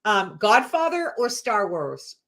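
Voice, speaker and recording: A woman hosts a relaxed interview with a mid-range voice. She laughs often and keeps it light, firing off quick quiz questions to her guest. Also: medium pitch. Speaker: host. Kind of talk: casual interview chat.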